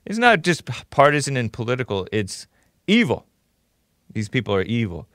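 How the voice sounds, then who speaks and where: A man's voice: mid-range voice, big pitch swings, moderate pace, a bit bright, no room sound. Sarcastic male live-stream host, dry sound. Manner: casual, sarcastic, scoffing; thanks viewers and reads donations aloud. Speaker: host of a live call-in commentary show. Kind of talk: casual live-stream commentary.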